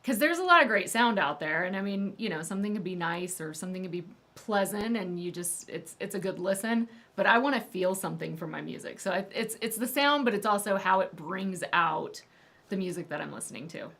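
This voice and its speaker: Casting: woman co-host, relaxed chat, laughs easily, thinks out loud. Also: medium pitch, a little fast. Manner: giggly and thoughtful. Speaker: guest and co-host. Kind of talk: casual livestream chat.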